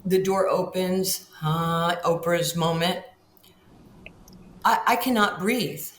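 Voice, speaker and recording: Brief: lower-voiced older woman from New York, lively guest storyteller who acts out quotes, roomy echo, faint background hum. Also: takes it slowly. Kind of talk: storytelling interview.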